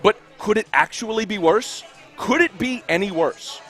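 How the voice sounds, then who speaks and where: A man co-hosting a postgame sports radio show, ranting furiously and profanely, shouting and hammering his points. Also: high voice, lively intonation, normal speed, loud music behind the voice. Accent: Louisiana. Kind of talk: heated postgame talk radio rant. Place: cigar bar.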